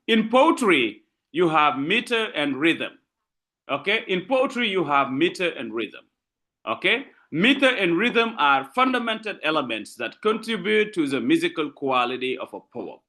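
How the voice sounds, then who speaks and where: Slow, lively-pitched male lecturer. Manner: slow, repetitive teaching with frequent "okay?" checks. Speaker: literature lecturer. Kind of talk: university lecture.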